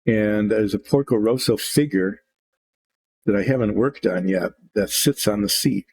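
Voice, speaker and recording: A man's voice: on the low side, measured pace. An older man painting a model kit and thinking aloud as he works, musing and rambling with small restarts. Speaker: miniature painter. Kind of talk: relaxed narration while painting.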